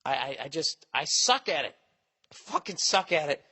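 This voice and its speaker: A man in his forties hosting a podcast, telling a comic story in a profane, animated rant. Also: a little high, moderate pace, husky. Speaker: podcast host. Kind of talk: casual comedic monologue.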